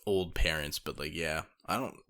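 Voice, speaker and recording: Brief: male podcast co-host, deep but bright voice, relaxed and blunt. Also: moderate pace, smooth. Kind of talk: casual chat.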